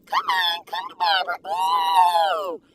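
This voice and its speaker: A woman taste-testing food in a casual vlog, talking in an excitable, giggly, gushing way. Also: very high-pitched, takes it slowly. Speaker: food reviewer. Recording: distant mic with faint background noise.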